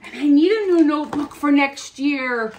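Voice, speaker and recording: Against a noisy background, an American woman with a high-pitched voice vlogs at normal speed while opening gifts. She gushes and gasps with delight, letting out breathy exclamations as she unboxes.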